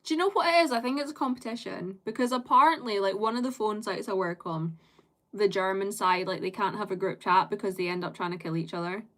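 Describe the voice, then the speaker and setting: A woman's voice: medium pitch, quick pace, a bit bright. A woman chatting casually on a live stream, rambling with lots of fillers and casual swearing.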